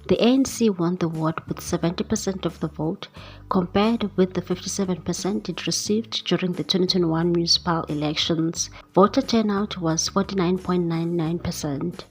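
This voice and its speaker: A woman presenting news in a steady, scripted read, ending with a sign-off to viewers. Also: on the low side.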